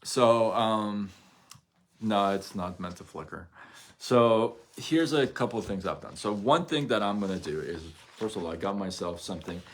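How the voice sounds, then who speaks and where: A man's voice: fairly low pitch, expressive, moderate pace. A middle-aged man hosting his own livestream, talking candidly and rambling to viewers with frequent restarts and chuckles. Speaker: live-stream host. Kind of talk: casual livestream talk to viewers.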